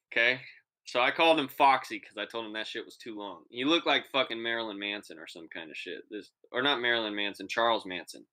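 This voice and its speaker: A young man co-hosting a podcast, telling a long, profane story in casual chat and acting out the voices of the people in it. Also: mid-range voice. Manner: animated, profane, acts out quoted voices. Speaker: podcast co-host.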